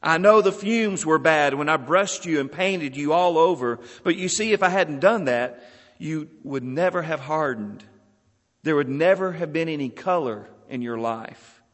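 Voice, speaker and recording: Guy doing a calm patient potter, measured and soft-spoken, reverby hall. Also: on the high side. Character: calm patient potter master, gentle and firm.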